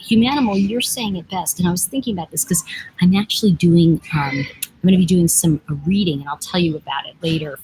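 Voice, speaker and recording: A woman's voice: on the low side, brisk, dark tone, slight background noise, rough recording. Chatty woman livestreaming from an airport lounge. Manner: rambling, chatty, digressive, teasing. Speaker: livestream host and oracle deck author. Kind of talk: casual livestream chat reading viewer comments.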